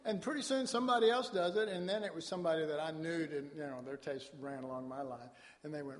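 A man's voice: on the high side, fast talker. A man from Dallas, Texas, preaching a sermon in a folksy, storytelling way with colloquial asides. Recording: long hall reverb.

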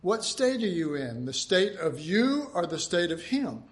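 An older man delivers a folksy, conversational sermon in a high voice. He speaks slowly, leaning hard on drawn-out words for emphasis and slipping into the voices of the people he describes. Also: sing-song. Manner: folksy, acts out quotes, drawn-out emphatic phrases. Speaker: preacher.

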